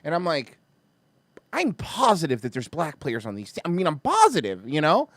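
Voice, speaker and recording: A man with a high voice that leaps up and down hosts a casual podcast chat. He tells stories in an animated, profane way, full of fillers and restarts. The sound is close and dry, with no room around it. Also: moderate pace, dry recording. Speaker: podcast host.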